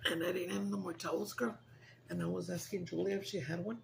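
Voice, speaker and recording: A woman's voice: fairly low pitch, steady tone, fast talker, creaky, poor audio. An older woman talks casually at home while eating on camera. She switches freely between English and Spanish and keeps breaking off to coax her pets over. A faint background noise sits under her voice. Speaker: mukbang vlogger.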